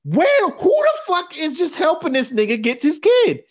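Animated profane man riffing. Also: very high-pitched. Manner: animated, profane, acts out scenes in quick voices. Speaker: podcast co-host. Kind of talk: casual chat.

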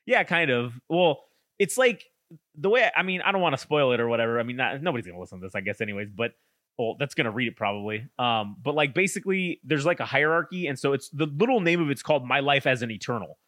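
A man's voice: medium pitch, lively intonation, fast, a bit bright, no echo, studio quality. A man co-hosting a casual podcast, rambling, swearing often and acting out characters in a raised voice. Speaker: podcast co-host. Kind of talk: casual chat.

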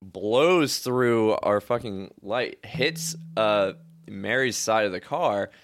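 A young man telling a story in casual chat, laid-back, heavy on filler words and swearing, getting animated as he retells it. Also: lowish voice, slow.

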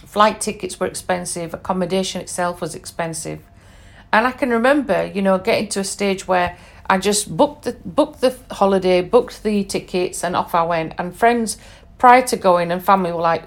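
A woman's voice: lowish voice, normal speed. Chatty British woman telling travel stories. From England. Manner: chatty and candid, with many fillers and asides to the listener. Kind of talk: casual storytelling monologue.

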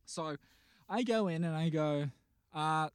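A man's voice: fairly high pitch, expressive, moderate pace, dry recording, clean studio sound. A man, a podcast host animatedly retelling a dream and acting out voices. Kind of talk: casual chat, retelling a dream.

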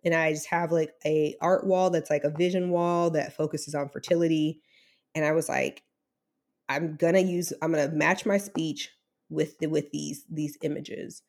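A woman's voice: deep voice, steady tone, moderate pace, darkish tone. A woman in her thirties, an interview guest telling a candid, emotional personal story with many fillers.

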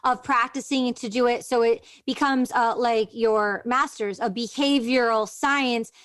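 Woman host, higher voice, chatty and encouraging, dry close recording. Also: steady tone, unhurried, a bit bright, no room sound. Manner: chatty, affirming, fills in with "mm-hmm". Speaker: interview host. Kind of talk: casual interview chat.

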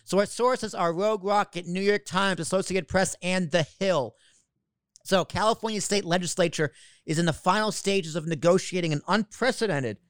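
A man's voice: high voice, smooth, no room sound, studio quality. A young man co-hosting a casual news podcast, joking around and reading out news items with fillers. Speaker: podcast co-host.

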